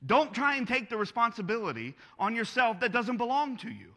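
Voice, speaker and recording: A man's voice: extremely high pitch, sing-song, brisk, sharp tone, long reverb tail. A man preaching a sermon as pastor, earnest and conversational, asking his listeners rhetorical questions.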